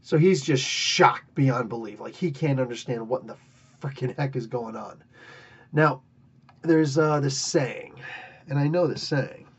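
A man's voice: mid-range voice, unhurried, slightly rough, highs cut off. A man hosting a podcast, recapping a story in a rambling, playful way with self-corrections.

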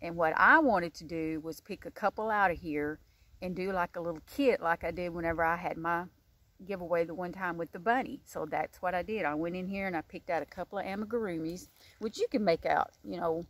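A woman chats about a crochet book in a rambling, homespun way, full of "uh" and "you know." Her voice sits a little low. She talks to her viewers from outdoors. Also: fairly quick. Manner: chatty, rambling, warm-hearted with many fillers. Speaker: crochet channel host. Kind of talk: casual book review chat.

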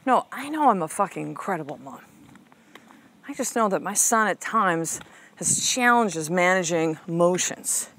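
A woman's voice: lowish voice, animated, normal speed, fairly bright tone, a little hiss or hum. A woman life coach hosting a motivational podcast, talking casually and emphatically, full of "like" and "right?" and the odd swear word, calling her listener "sister.". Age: adult mother of a six-year-old. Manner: casual, chatty, frequent "like" and "right?", swears freely.

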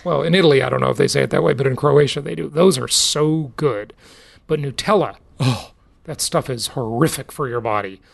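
A man's voice: medium pitch, fairly quick, gravelly. A middle-aged man hosting a podcast, talking in a casual, emphatic and salesy way. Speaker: podcast host.

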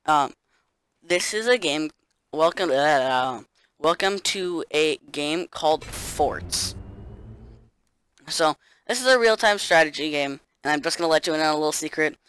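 Dry monotone man, higher voice. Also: a little slow, clean tone, dry recording. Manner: monotone, dry sarcastic delivery. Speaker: gaming YouTuber. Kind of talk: casual gameplay commentary.

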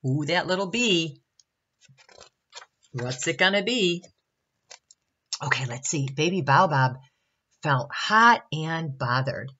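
A woman's voice: sits low, lively intonation, takes it slowly, long pauses, sharp tone, highs cut off, a little hiss or hum. A woman reading a picture book aloud to children at a Bible camp, stopping often to ask the listener questions. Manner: chatty asides asking the listener questions.

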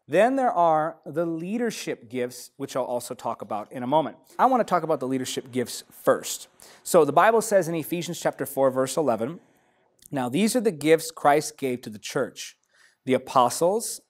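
Man preaching, fairly high pitch, emphatic lively delivery, young adult pastor. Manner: emphatic, lively preaching with sudden loud stresses. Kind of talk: sermon teaching.

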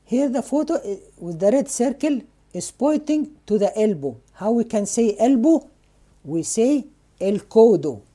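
Slow-spoken woman teaching vocabulary. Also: medium pitch, warm tone. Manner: repeats each word slowly, asks and answers her own questions. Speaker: Spanish teacher.

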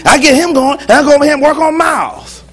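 A man preaching a lively, humorous sermon as pastor in a church, with call-and-response. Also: very high-pitched, quick pace. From United States.

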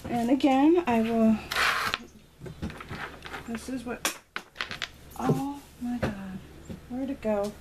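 A beauty vlogger shows off a nail-art haul in a casual unboxing chat, gushing and thinking aloud. Her voice is on the high side, slow, with long pauses, and the home recording is noisy.

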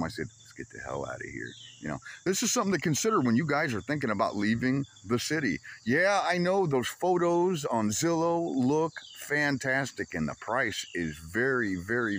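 A man's voice: medium pitch, normal speed, vocal fry, few pauses, a little hiss or hum. A man casually telling a frustrated story on his homestead vlog, swearing freely and acting out back-and-forth exchanges. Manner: animated, swears freely, acts out quoted exchanges. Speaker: homesteading vlogger.

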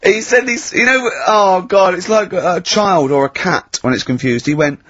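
A male radio host in comic banter with co-hosts, teasing them and often breaking into high-pitched laughter. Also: moderate pace, a bit bright, dry recording, highs cut off.

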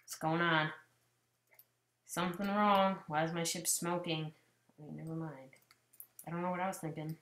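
A woman giving casual gameplay commentary, swinging between loud outbursts and muttered asides. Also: sits low, fairly even intonation, moderate pace, long pauses, echoey room. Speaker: gamer commentator.

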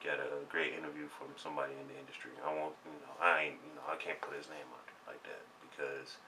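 Deep voiced dude cussing and bragging in his gaming vlog, mic kinda far off with noise behind. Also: quick pace. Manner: boastful, profane, repeats himself. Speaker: gaming vlogger. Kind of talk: casual rant to camera. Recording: distant mic with steady background noise.

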